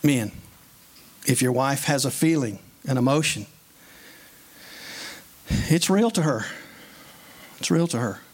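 A man's voice: medium pitch, lively intonation, takes it slowly, long pauses, breathy edge. Earnest man preaching a sermon. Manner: earnest, conversational preaching with plain everyday stories.

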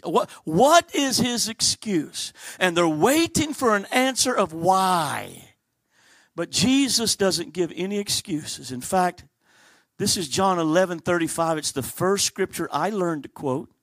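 A man's voice: high-pitched, animated, unhurried, fairly bright tone, dry recording. A man preaching a sermon, telling the story with animation and acting out the characters.

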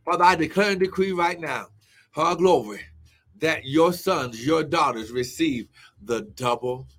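A man preaching a fervent live-streamed sermon, shouting exclamations of glory and breaking into tongues as he prays. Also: high-pitched. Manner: speaks in tongues between phrases.

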